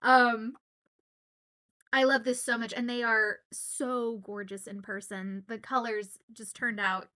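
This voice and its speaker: A chatty young woman from Southwest Louisiana talks casually to her livestream viewers while signing. Her voice sits a little high and sounds sharp and bright. She giggles often and leans on "um" and "uh" between thoughts. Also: level tone, slow. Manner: chatty and giggly, with many fillers. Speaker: voice actor signing autographs on stream.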